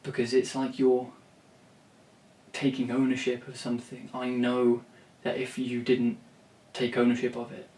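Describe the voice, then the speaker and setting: A man's voice: mid-range voice, completely flat delivery, unhurried, darkish tone. Blunt, rambling man, roomy and distant. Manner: rambling, blunt, swears freely, many restarts. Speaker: songwriter and vlogger. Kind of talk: rambling talk to camera. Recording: roomy, distant from the mic, faint ambience.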